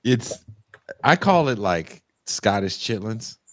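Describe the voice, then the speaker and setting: Male podcast co-host, deep voice with wide swings, dry close sound, swearing storyteller. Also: slow, dry recording. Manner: animated storyteller, swears freely. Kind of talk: casual podcast chat.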